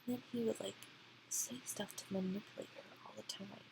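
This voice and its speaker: A woman's voice: medium pitch, steady tone, fairly quick, gravelly, background noise. A woman ranting casually in a book review, rambling with many fillers and often dropping to a near-whisper. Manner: rambling, filler-heavy, often drops to a hush.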